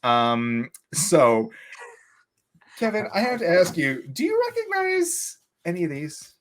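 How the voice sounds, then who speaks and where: Animated, higher-voiced young man. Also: slow pace. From Long Island, New York. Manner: animated storyteller, swears freely. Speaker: podcast co-host. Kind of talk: casual podcast chat.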